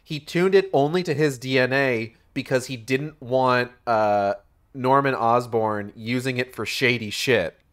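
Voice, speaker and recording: A young man chats through a game stream, rambling and swearing as he retells a story with lots of energy. His voice is mid-pitched and close to a desk mic. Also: measured pace. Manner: rambling, profane, animated retelling. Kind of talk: casual game stream commentary.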